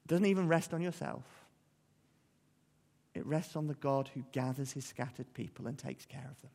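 A man's voice: mid-range voice, moderate pace, gravelly, darkish tone, long reverb tail. A man preaching a sermon in a conversational, earnest way, often putting questions to the congregation.

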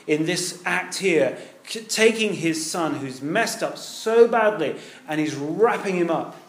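In an echoey hall, a man with a slightly high voice preaches a sermon to a congregation. He's animated, acting out quoted voices and putting questions to his listeners.

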